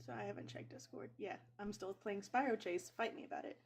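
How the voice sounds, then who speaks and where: A woman co-hosting a casual chat, expressive and quick to laugh. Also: medium pitch. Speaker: co-host.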